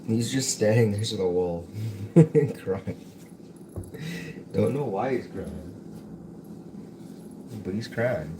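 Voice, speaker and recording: A young man hosting a casual cooking livestream from his home kitchen, chatting in a rambling, jokey way as he works. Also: fairly low pitch. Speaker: livestream host. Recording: noisy home livestream audio.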